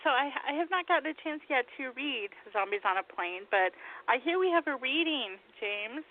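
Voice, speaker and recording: A woman's voice: sits high, animated, moderate pace. A woman hosting a podcast, chatting enthusiastically and laughing often with her guest. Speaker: podcast host. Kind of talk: casual interview chat. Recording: tinny phone-like call audio.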